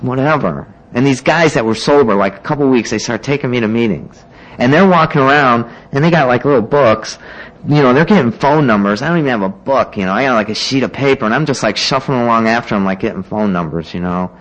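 A man's voice: mid-range voice, quick pace, rough recording. A man casually telling his own recovery story to a meeting, rambling with lots of "you know" and "like" and acting out what other people said.

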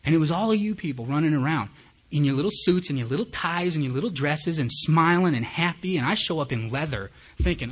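A man's voice: a little high, expressive, fairly quick. A man giving personal recovery testimony at a meeting, a candid and self-mocking storyteller who acts out his own thoughts.

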